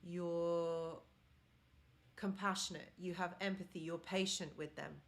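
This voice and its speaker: Earnest woman with an accent, low-ish voice. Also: fairly even intonation, a little slow. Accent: non-native accent of English. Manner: earnest, encouraging, speaks directly to viewers. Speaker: live-stream host and relationship mentor. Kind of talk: live-stream advice talk to viewers.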